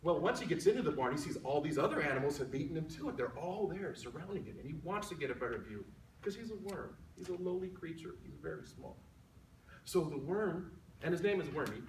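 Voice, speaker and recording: Male speech contestant, lively storyteller; echoey room, distant mic, faint hum. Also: a little high. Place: large room at a company event.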